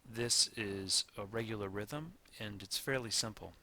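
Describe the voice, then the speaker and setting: Gravelly, bright-voiced male lecturer. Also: fairly low pitch. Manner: deliberate, slows to stress syllables aloud; pauses and corrects himself mid-sentence. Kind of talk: classroom lecture.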